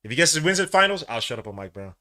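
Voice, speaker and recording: A man hosting a live sports watch-along podcast, talking in casual slang and swinging from low mutters to loud cheering. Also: sing-song, racing. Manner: casual slang, calls listeners bro and son. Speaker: podcast host.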